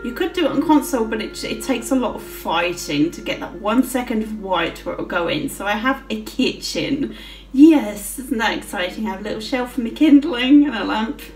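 A woman's voice: on the high side, expressive, moderate pace, darkish tone, far from the mic. A woman giving casual gameplay commentary, swearing freely and giggling often as she plays. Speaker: gaming channel host. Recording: roomy with faint music.

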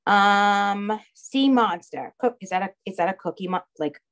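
A woman's voice: medium pitch, unhurried, fairly bright tone. Chatty woman with a heavy Long Island accent. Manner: chatty, checks in with "okay?" and "all right". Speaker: craft instructor. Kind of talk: live online craft class.

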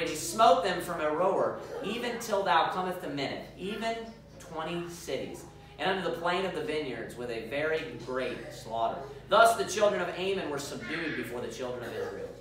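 Male pastor, emphatic sermon delivery with scripture reading, crisp bright tone, recorded from a distance in a reverberant sanctuary. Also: a little high. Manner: emphatic, quizzes the congregation with questions. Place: church sanctuary. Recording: echoey church hall, mic far off.

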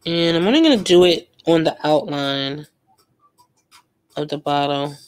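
Young woman, art vlogger, slangy, emotional casual chat, lowish voice. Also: measured pace. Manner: chatty and emotional, lots of fillers and slang. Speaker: art vlogger painting live. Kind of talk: casual chat while painting.

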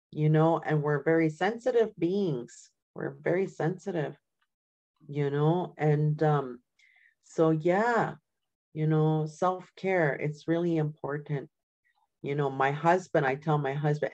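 Slow, low-voiced older woman elder. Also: highs cut off. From Canada. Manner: warm storytelling, frequent "right?" and "you know". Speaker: community elder. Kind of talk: informal teaching talk.

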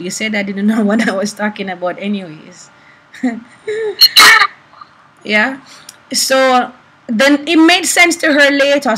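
A young woman prophetess teaching about prophecy through animated personal stories, acting out the people she quotes. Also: sits high, breathy edge, poor audio. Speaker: prophetess and preacher.

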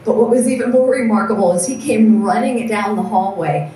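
A woman tells earnest testimony stories in a mellow voice, slipping into the voices of the people in them. She sounds distant from the mic, in a very reverberant hall, with faint ambient noise. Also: mid-range voice, a little fast. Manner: earnest storyteller, acts out quoted voices. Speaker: nurse giving a testimony. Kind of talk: personal testimony speech. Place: large event hall. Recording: echoey room from far off.

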